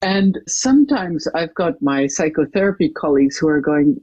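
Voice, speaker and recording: A woman's voice: sits low, moderate pace, hardly any pauses, husky, no echo, lo-fi sound. An older woman, a coach and trainer, talking animatedly as an interview guest and acting out stories with voices. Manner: animated, acts out anecdotes with lively voices. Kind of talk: interview conversation.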